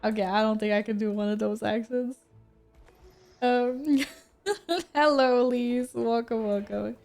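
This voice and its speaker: A chatty woman streaming a game, who chats casually with her viewers, answers their messages and laughs often. Her voice sits a bit high, and faint game music plays behind her. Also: measured pace, a little mellow. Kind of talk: casual gaming stream chat.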